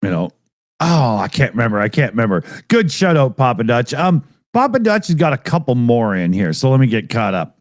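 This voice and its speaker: A man's voice: mid-range voice, big pitch swings, a little fast, dry recording, clean studio sound. Rambling, profane man on a live stream. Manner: rambling, loose, profane, laughs often. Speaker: podcast co-host reading super chats. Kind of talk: casual live-stream chat.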